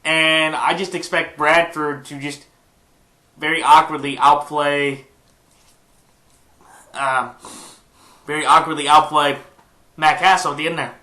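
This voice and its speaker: Stuffy-nosed male YouTuber, bright voice, rambling weekly picks, echoey room. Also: on the high side, steady tone, unhurried, pauses often. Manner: rambling, with frequent fillers and restarts. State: stuffed-up nose. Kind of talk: casual sports prediction monologue.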